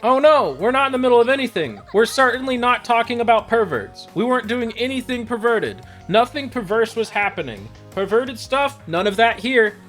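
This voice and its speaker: A streamer voicing a loud, bossy, excitable teenage girl in a game read-along, with a huffy, exaggerated manner. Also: medium pitch, normal speed, hardly any pauses, soft background music, pitched above the performer's own voice, lightly acted. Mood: flustered.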